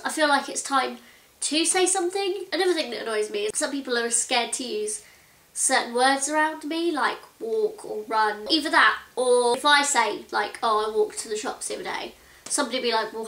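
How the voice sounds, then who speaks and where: Speaking casually to camera, this woman in her twenties has a fairly high, slightly bright voice. The vlogger sounds earnest, chatty and exasperated, using "like" constantly, and the room around her is echoey.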